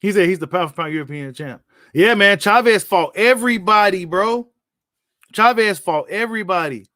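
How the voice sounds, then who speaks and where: A man's voice: sits high, normal speed, bright, forceful tone, no room sound, studio quality. A man hosting a casual live stream about boxing, talking in a blunt, slangy way and often repeating his points. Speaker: boxing commentator host.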